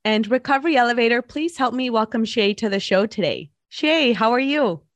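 A woman co-hosting a podcast, warmly welcoming and interviewing a guest in an upbeat way. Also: fairly high pitch, expressive, fairly quick, no echo, muffled recording.

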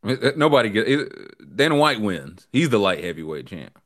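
A man's voice: fairly low pitch, very animated, brisk, fairly bright tone. A man co-hosting a casual sports podcast, making sarcastic jokes. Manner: joking, sarcastic asides. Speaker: podcast co-host.

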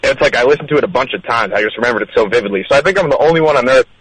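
A man's voice: medium pitch, racing, a loud crowd, poor audio. A man calling in to a radio show, chatting casually and hesitantly with lots of fillers. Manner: laid-back, hesitant with fillers. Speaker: caller. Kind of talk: casual phone-in chat.

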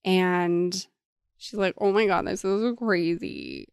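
A woman's voice: lowish voice, wildly swooping pitch, slow pace, vocal fry, smooth, no room sound, clean studio sound. A woman in casual chat about a book, retelling scenes and quoting the characters. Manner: chatty, laughs easily, quotes characters. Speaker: co-host discussing a book. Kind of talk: casual chat recapping a plot.

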